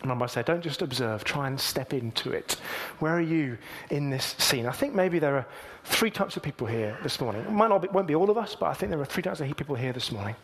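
Earnest preacher man, higher voice. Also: expressive, fast talker, few pauses. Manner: earnest, swings between emphatic and hushed. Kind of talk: sermon.

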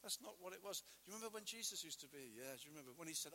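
High, bright-voiced impassioned male preacher. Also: expressive, very fast, hardly any pauses, in a large hall, slight background noise. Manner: passionate, acts out quotes, swings between loud and hushed. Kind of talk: sermon.

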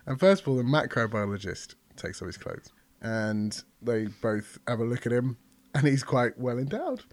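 A man's voice: mid-range voice, animated, moderate pace, darkish tone, dry recording. A man on a comedy podcast, improvising a rambling joke and often giggling.

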